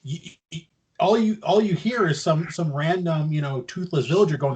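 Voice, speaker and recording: Teasing storyteller man, slightly high voice. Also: moderate pace, a little mellow, rough recording. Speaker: podcast co-host. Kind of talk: casual podcast banter.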